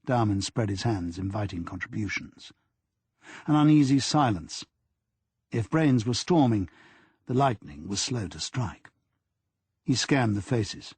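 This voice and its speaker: A man's voice: fairly low pitch, animated, unhurried, pauses often, a little mellow, breathy edge, no room sound. A man narrating a crime novel as an audiobook in a dry, wry storytelling manner.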